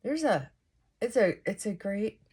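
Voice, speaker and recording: A woman's voice: mid-range voice, very animated, measured pace, darkish tone, husky. Musing woman vlogger thinking aloud. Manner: musing, asks many rhetorical questions; thinking aloud with frequent restarts and asides. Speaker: vlog host. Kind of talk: casual reflective monologue while getting ready.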